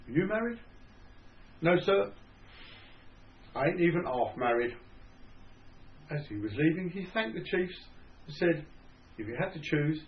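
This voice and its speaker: Older man with a Cockney accent reading memoir. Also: medium pitch. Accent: Cockney (Estuary). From England. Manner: measured, dry anecdotal storytelling. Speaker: author reading his memoir. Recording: dull lo-fi recording.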